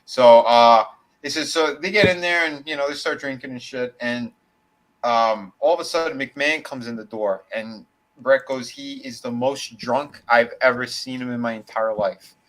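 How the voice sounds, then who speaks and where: A man's voice: mid-range voice, normal speed, fairly bright tone, low-quality recording. A man co-hosting a casual wrestling podcast, telling a long story in a rambling way, with many fillers and restarts and casual swearing. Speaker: podcast co-host.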